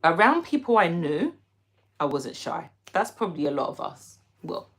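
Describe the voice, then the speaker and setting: With a lowish, fairly bright, sing-song voice at a moderate pace, this young British woman hosts a live stream. She chats casually, giggles, and responds to viewers by name as she reads their messages.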